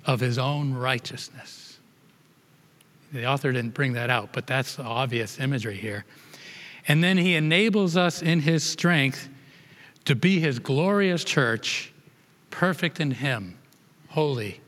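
A man's voice: medium pitch, a bit bright, in a large hall. A man leading a Bible study lesson, reading verses aloud and explaining them to a group, often rereading and restarting phrases.

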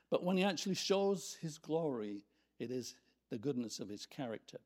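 A man teaching a Bible study in a reflective way, reading scripture aloud and pausing to find his place. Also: fairly high pitch, big pitch swings, a little mellow.

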